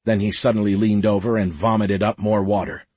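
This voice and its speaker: A man narrating a science fiction audiobook in a steady, measured way. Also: on the low side, slightly rough, dry recording. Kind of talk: scripted narration.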